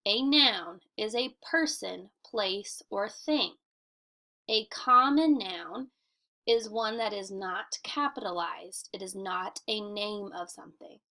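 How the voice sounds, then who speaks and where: Bright-toned woman teaching a slow lesson. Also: mid-range voice. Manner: clear, deliberate teacher talk, slowing to model reading aloud. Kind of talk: recorded grammar lesson for children.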